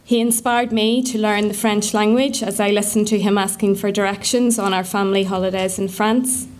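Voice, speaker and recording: A woman's voice: medium pitch, steady tone, normal speed. Earnest Northern Irish woman reading a tribute. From Northern Ireland. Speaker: speaker remembering her father.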